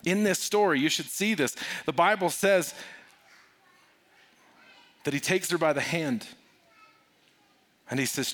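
Middle-aged pastor guy preaching, kinda high voice, goes from quiet and personal to loud and pushing. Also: lively intonation, unhurried, pauses often. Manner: builds from soft confiding to loud urgent preaching. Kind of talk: sermon.

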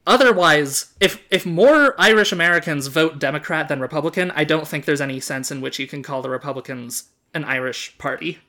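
A man hosting a casual podcast quiz, animated and quick to laugh. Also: fairly high pitch. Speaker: quiz host.

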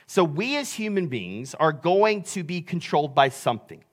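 A male pastor preaching a sermon, telling the story with big swings between loud and hushed delivery. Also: fairly high pitch, very animated, normal speed, few pauses.

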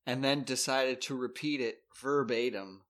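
A man co-hosting a podcast in casual chat, reacting with quick jokes. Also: mid-range voice, a bit bright. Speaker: podcast co-host.

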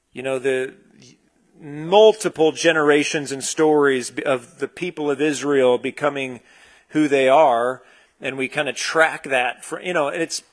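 A man preaching a conversational sermon, relaxed and searching, with frequent fillers and restarts. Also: medium pitch. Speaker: pastor.

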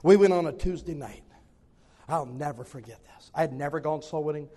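A man preaching a sermon and telling a personal story in an animated way, repeating phrases for emphasis. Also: a little high, a little fast, big-room sound.

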